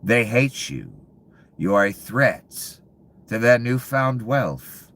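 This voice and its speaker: Angry ranting man, lively swings. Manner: profane, ranting, swings between low mutters and loud bursts. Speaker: commentary channel host. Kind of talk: angry political rant.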